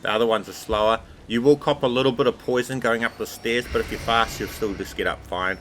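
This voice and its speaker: A man casually narrating a game walkthrough over gameplay in a relaxed, chatty way. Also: mid-range voice, fairly quick, a little hiss or hum, low-quality recording. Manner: relaxed, chatty, repeats filler words like "obviously".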